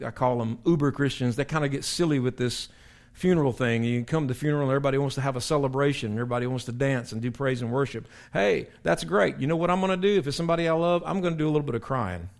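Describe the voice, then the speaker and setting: An older man in his sixties, a pastor leading a Bible study in a conversational, emphatic way, often repeating and restarting phrases. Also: medium pitch. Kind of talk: sermon-style Bible teaching.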